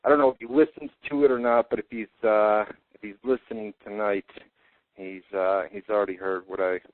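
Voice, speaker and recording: A man's voice: on the low side, steady tone, fairly quick, no echo. A man with a New York accent hosting a casual radio show, talking loosely with lots of restarts and the odd curse word. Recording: tinny phone-like web radio audio.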